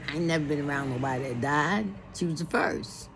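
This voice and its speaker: A woman's voice: deep voice, fairly quick, background noise. A woman telling a personal family memory in an earnest way, often repeating herself as she recalls it. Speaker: storyteller.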